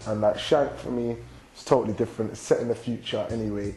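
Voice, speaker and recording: A young man in his twenties with a London accent, a rapper and actor answering interview questions in a relaxed, slang-filled way and tagging sentences with "you get me". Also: on the low side, quick pace, soft background music, low-quality recording. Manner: slang-heavy, constant "you get me" tags.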